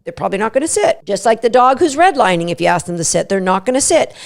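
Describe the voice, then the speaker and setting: Gravelly woman podcast host. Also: very animated, fast talker. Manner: acts out a dog's thoughts in a lower, softer voice. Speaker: dog trainer podcast host. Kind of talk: instructional podcast talk.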